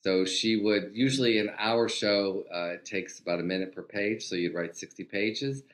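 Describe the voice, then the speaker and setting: Older male guest, low register, animated anecdotal delivery with acted-out quotes and casual swearing. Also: moderate pace. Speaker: guest, TV comedy writer. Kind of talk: casual storytelling interview.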